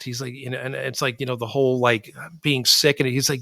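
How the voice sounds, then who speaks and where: A man hosting a podcast, talking through movies in a loose, animated, rambling way. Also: mid-range voice, brisk, creaky, few pauses, no echo, clean studio sound. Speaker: podcast host. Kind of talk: casual film discussion.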